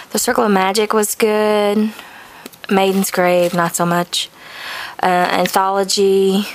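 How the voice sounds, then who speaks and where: A young adult woman chats her way through a casual bookshelf tour, rambling with plenty of ums and likes at a middling pitch. She sits in her home studio and talks into a camcorder, with a faint hiss of noise behind her. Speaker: vlogger. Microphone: camcorder mic.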